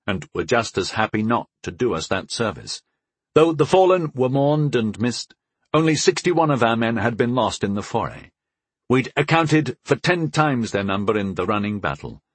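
Brief: male narrator, husky tone, lively pitch, dry close sound, first-person fantasy reading. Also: no room sound. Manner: expressive storytelling. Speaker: audiobook narrator.

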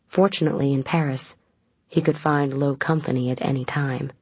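Brief: audiobook narrator for a gothic tale, measured reading, gravelly texture, close and dry sound. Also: medium pitch, a little mellow, no echo. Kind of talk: scripted narration.

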